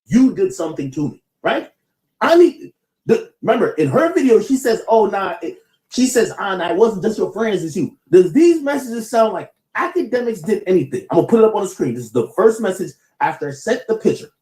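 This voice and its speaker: Dude rambling on his stream, stumbles a lot, lively voice, roomy mellow sound. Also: high voice, brisk. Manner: rambling, stammering, defensive. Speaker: livestreamer. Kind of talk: livestream storytelling.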